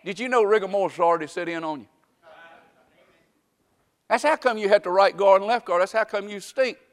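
A man preaching a sermon, swinging from loud, mocking exclamations to hushed, slow passages. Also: high voice, in a large hall. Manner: dramatic, swings from shouting to hushed, mocking asides.

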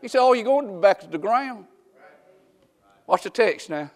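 A high-pitched, animated male preacher delivers a dramatic sermon, swinging from loud, mocking exclamations to hushed, drawn-out lines and mocking asides. The long reverb of a church hall rings around his voice.

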